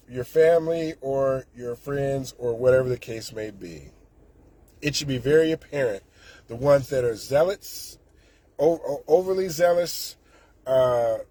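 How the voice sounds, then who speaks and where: A man's voice: a little high, mellow, dry recording. A man, ranting indignantly and sarcastically as a political commentator, with frequent restarts. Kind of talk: casual political rant.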